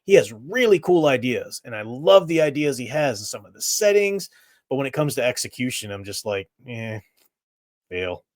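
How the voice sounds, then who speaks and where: Middle-aged man, live stream host, blunt and opinionated, mid pitch, dry close sound. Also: sing-song, a little fast, dry recording. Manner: blunt, opinionated, laughs at his own remarks. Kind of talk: casual opinionated chat.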